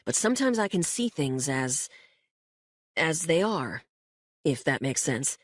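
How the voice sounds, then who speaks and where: A woman voicing an odd young man who claims to be a seer and talks in halting, casual questions. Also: deep voice, very animated, dry recording, clean studio sound, full character voice. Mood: earnest.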